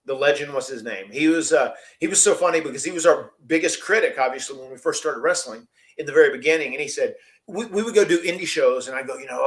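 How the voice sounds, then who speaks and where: A man's voice: fairly high pitch, fast talker. A man hosting a podcast, telling a long story casually, rambling and laughing often. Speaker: podcast host.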